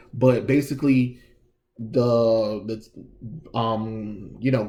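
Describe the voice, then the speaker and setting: A man's voice: fairly low pitch, dark tone. A man giving a casual, exasperated review of a comic book, sarcastic, slangy and full of restarts.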